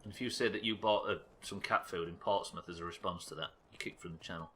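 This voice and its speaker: A man's voice: low-pitched, quick pace, a bit bright, a little hiss or hum. A man giving live gameplay commentary, swearing and joking with his chat. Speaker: streamer.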